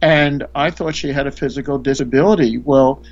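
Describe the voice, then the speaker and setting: A man's voice: medium pitch, fairly even intonation, moderate pace. Earnest guy telling a story, mid voice, audio a bit muffled. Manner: earnest, with frequent restarts. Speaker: spiritual teacher. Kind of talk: storytelling in a podcast conversation.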